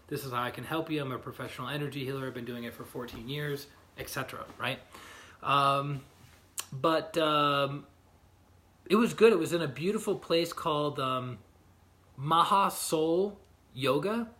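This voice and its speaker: A man's voice: mid-range voice, a bit bright. A middle-aged man, an energy healer, talking casually from his healing room and often checking in with "right?". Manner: chatty, keeps asking "right?". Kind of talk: casual livestream talk.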